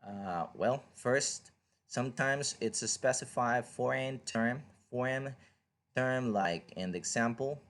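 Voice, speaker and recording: A man whose first language is Spanish, teaching an online English reading lesson in a patient, explanatory way and asking the listener questions. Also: fairly low pitch. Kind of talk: online lecture.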